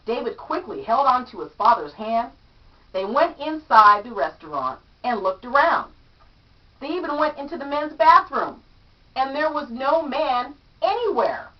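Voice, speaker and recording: A woman reads a children's story aloud, slow and unhurried, her voice rising and falling in a lively, sing-song way as she acts out each line. She sounds a little high for a woman. The recording is dull and lo-fi, caught from some distance off the mic. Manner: animated, acts out character lines. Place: home room among her statues.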